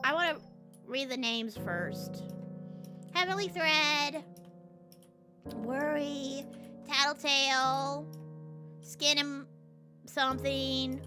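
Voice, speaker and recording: A woman with a Southern American accent streaming a game, goofy and chatty, reading game text aloud. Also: high-pitched. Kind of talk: casual let's-play commentary.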